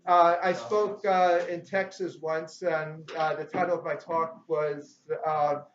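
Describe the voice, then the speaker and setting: A man's voice: on the high side, little pitch movement, takes it slowly, slight background noise. A man giving a lecture as guest speaker, jovial and anecdotal, talking to the audience between stories. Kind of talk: lecture with humorous storytelling. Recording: echoey hall, dull lo-fi sound.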